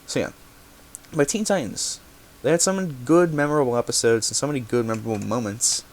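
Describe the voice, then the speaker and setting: A young podcast host talks fast at a medium pitch, rambling casually through a segment. He often corrects himself and swears now and then.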